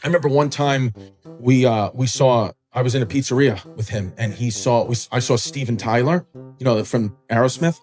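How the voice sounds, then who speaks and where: A man's voice: mid-range voice, fast, faint music behind. A man telling a comic story about his father, acting out the voices with energy. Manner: animated, acts out his father. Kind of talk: comic anecdote.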